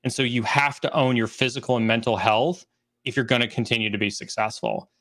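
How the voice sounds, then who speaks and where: A man's voice: mid-range voice, fairly even intonation, a little fast, a bit bright. A man in his forties, a guest on a livestream interview, speaking earnestly and emphatically, repeating key phrases. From United States. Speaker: guest, cybersecurity trainer.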